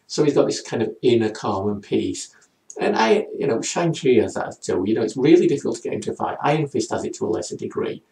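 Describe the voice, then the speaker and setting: Sarcastic, gravelly man. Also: fairly low pitch, expressive, fairly quick, a little mellow. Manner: sarcastic, rambling. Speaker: comics reviewer. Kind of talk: comedic review monologue.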